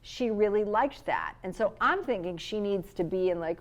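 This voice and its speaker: Middle-aged new woman chatting on a podcast, animated storyteller, does the voices when she quotes people. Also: medium pitch, moderate pace. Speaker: podcast co-host. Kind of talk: casual chat.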